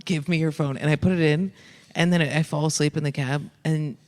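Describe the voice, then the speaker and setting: A fairly high-pitched man who talks very fast. He tells quick, animated anecdotes full of quoted back-and-forth on a comedy podcast. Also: in a large hall. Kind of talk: casual banter, storytelling.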